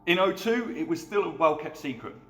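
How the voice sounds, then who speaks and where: Fast-talking man in his thirties. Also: fairly high pitch, roomy sound. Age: 30s. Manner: rapid, lively anecdotes with acted-out quotes and frequent laughs. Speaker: guest bartender. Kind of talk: casual storytelling chat.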